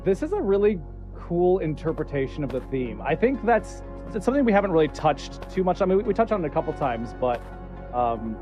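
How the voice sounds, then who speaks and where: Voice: mid-range voice, sing-song, brisk, mellow, soft background music. A co-host on a game livestream, talking casually and enthusiastically about the entries. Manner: enthusiastic, chatty, jokey.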